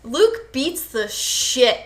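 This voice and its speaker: A woman's voice: sits high, big pitch swings, drawn-out words. A woman co-hosting a podcast, casually retelling a book's plot with emphatic phrasing and frequent swearing. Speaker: podcast co-host.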